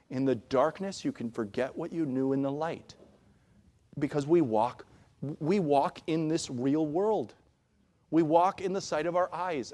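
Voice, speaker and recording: A male pastor delivering a sermon in a church, his voice pitched somewhat above most men's. He talks conversationally, checks in with the congregation through frequent asides and varies his pace between quick stretches and slow, deliberate emphasis. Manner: conversational preaching with frequent "all right?" asides. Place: church sanctuary.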